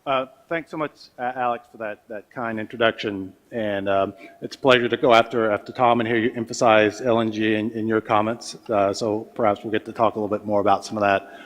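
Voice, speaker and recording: A man speaking as a panelist at a business forum, measured and full of hesitations and restarts. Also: fairly low pitch, fairly even intonation, a bit bright. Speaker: panelist, energy company executive. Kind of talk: conference panel remarks. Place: large conference hall. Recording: reverberant hall sound.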